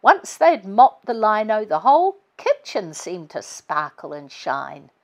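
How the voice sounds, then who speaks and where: A woman author reading her family storybook aloud in a gentle, expressive way. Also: mid-range voice, measured pace. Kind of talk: children's storybook read-aloud.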